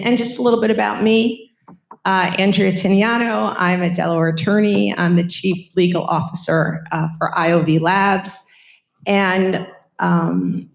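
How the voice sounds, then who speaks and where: A woman with a scratchy, hoarse voice moderating a live conference panel in a chatty, informal way. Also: on the low side. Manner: chatty, informal, many fillers. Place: conference stage. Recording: echoey hall, dull sound.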